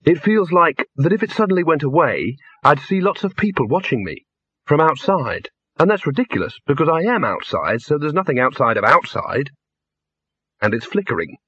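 A jittery young man talking himself out of a panic, as a man puts him on in a storybook. The voice is bright with a touch of huskiness, and the sound is dull and lo-fi. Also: on the high side, normal speed, husky, pitched above the performer's own voice, exaggerated voice. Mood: uneasy. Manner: nervous, trying to sound calm.

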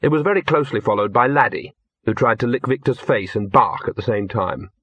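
A man calmly narrating a story as an audiobook reader. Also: medium pitch, fairly quick, husky, dry recording, highs cut off. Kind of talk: scripted narration.

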